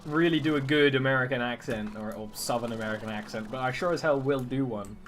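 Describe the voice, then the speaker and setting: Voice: mid-range voice, quick pace, a little hiss or hum. A game streamer chatting casually while playing, joking around and trying out silly accents. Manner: chatty, animated, jokes about doing accents. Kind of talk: casual live-stream commentary.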